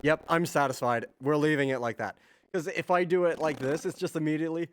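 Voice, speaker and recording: A man's voice: a little high, fairly quick, background noise. Man muttering to himself while working. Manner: muttering, self-talk, trailing off and restarting. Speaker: streamer writing music. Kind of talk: casual thinking aloud while working.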